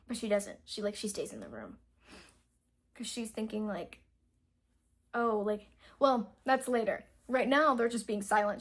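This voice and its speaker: Woman, young adult, casual book recap, rambling and excitable, fairly high voice, lots of "like". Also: unhurried, long pauses. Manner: rambling, fills speech with "like"; self-interrupting, excitable. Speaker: book reviewer.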